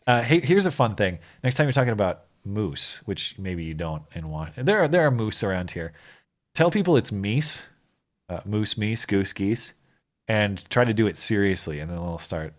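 A man co-hosting a podcast in casual chat, joking in a deadpan, trolling way. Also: on the low side, normal speed. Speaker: podcast co-host.

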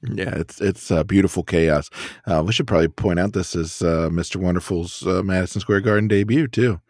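Very low-voiced man, casual podcast chat. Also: brisk, a little mellow, no room sound, clean studio sound. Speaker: podcast co-host.

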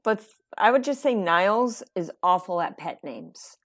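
A woman co-hosting a casual podcast, talking lively and jumping high when quoting. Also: measured pace. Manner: lively, jumps high for quoted lines. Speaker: podcast co-host. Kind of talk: casual chat.

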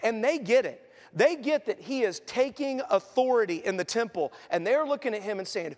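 High-voiced animated preacher in an echoey hall. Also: male voice, moderate pace. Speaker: pastor. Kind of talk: sermon.

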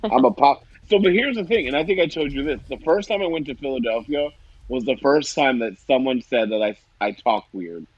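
A man from Ohio co-hosting a casual chat, animated and quick to laugh, with mock-indignant asides. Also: mid-range voice, dull audio. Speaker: podcast co-host.

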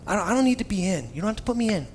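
Preacher guy doing a sorry man begging to be forgiven, halting and a bit high. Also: sing-song, a little hiss or hum. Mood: pleading. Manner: pleading, hesitant. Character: remorseful grown man pleading for forgiveness.

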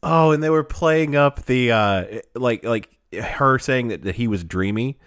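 A podcast co-host with a medium-pitched, clear, resonant voice speaks a little slowly on a casual chat show, animated and laughing often. He frequently trails off searching for words, and the audio is studio quality with no room sound.

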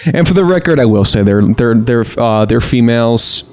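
A man's voice: mid-range voice, lively intonation, moderate pace. A man from Chicago co-hosting a podcast, joking and rambling in crude casual banter. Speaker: podcast co-host.

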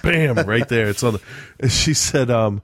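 A man chatting casually, swearing freely and telling stories with dark humor and frequent laughter. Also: medium pitch, measured pace, no room sound, studio quality. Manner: profane, darkly joking, laughs often. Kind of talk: casual chat.

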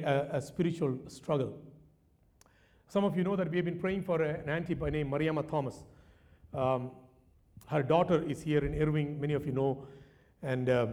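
A male pastor preaching a sermon in a church. He is animated, often throws questions to the congregation and at times drops into quiet, personal storytelling. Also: fairly high pitch.

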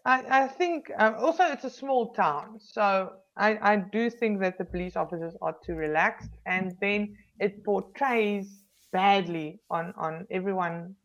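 A woman's voice: mid-range voice, unhurried, hardly any pauses. A South African woman, a police officer, frankly recounting her work in a casual interview with many ums and restarts. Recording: slightly dull lo-fi recording.

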